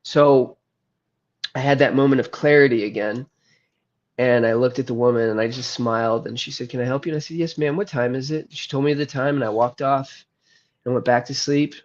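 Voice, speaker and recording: A man candidly recounting a hard personal story, earnest and halting, with frequent trailing pauses. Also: medium pitch, fairly even intonation. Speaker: guest recounting his addiction and recovery. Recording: slightly muffled lo-fi audio.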